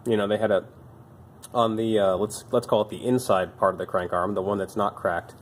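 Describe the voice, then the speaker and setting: With a steady tone and a voice on the low side, a young man talks a little fast as a bit of hiss or hum runs underneath. He's a bike shop mechanic and video host giving a casual show-and-tell of old bike parts, weary and wryly self-mocking.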